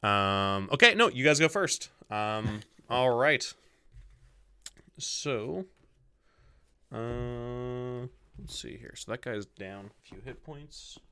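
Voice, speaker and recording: A man's voice: medium pitch, expressive, slow pace, long pauses, bright, forceful tone, clean tone. A man running a tabletop role-playing game as game master, describing the scene and rules with many fillers and asides to himself. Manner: many fillers, mutters to himself while setting things up.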